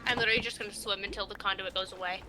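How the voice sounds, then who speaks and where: Easygoing woman chatting mid-game, bright tone, faint noise behind. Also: medium pitch, steady tone, very fast. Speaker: game co-player. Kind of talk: casual gaming chat.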